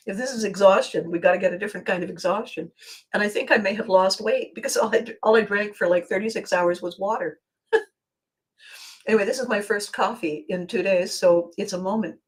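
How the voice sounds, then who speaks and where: An older woman hosting her own podcast, talking in a rambling, emotional monologue with frequent pauses. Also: medium pitch. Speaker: podcast host. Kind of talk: personal monologue.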